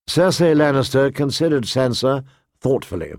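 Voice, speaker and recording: A man narrating a fantasy novel as an audiobook, in a measured storytelling manner. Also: medium pitch, lively intonation, no room sound, clean studio sound. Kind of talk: scripted narration.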